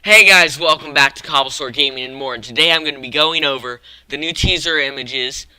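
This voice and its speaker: Bright-voiced guy rambling through game theories. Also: medium pitch, brisk, clean tone, low-quality recording. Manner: rambling, frequent self-corrections and restarts. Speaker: gaming channel host. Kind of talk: casual video-game theory vlog.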